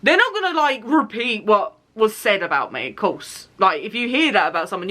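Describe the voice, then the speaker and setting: A British woman in her twenties, an animated and dramatic storyteller who laughs and swears while she vlogs. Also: medium pitch, moderate pace, hardly any pauses. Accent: British English. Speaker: YouTuber. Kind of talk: storytime vlog.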